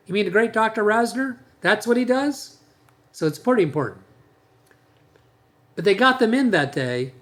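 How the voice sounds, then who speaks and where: A man's voice: on the high side, fairly bright tone. A man hosting a podcast as a dentist, giving a blunt, emphatic monologue with frequent restarts.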